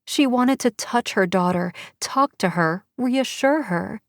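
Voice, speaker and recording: A woman narrating an audiobook in measured, even storytelling. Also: fairly high pitch, no echo, clean studio sound. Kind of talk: scripted narration.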